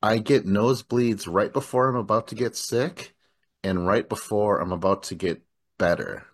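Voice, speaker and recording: A man's voice: lowish voice, moderate pace, breathy edge, no echo. A man in casual podcast chat, laid-back and joking.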